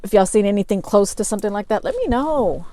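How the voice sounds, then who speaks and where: A middle-aged woman, telling a personal story to her viewers in a casual, animated way. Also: mid-range voice, fast, slight background noise, low-quality recording. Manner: animated, addresses viewers as y'all. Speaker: vlogger.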